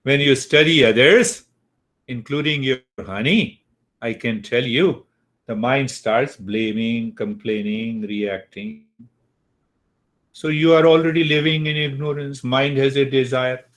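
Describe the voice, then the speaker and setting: A man lecturing on spiritual wisdom, taking his time with every phrase. He repeats key words and keeps asking his listeners whether they follow. His voice sits at a middle pitch. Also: fairly bright tone. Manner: slow, repeating key words, asks the class questions. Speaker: teacher of Eastern wisdom. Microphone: computer mic, online class.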